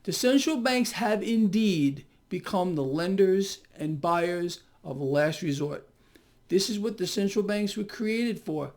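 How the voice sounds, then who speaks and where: A man's voice: sits high, expressive, slow. A man giving solo financial commentary in a mocking, sarcastic tone, often breaking into exclamations.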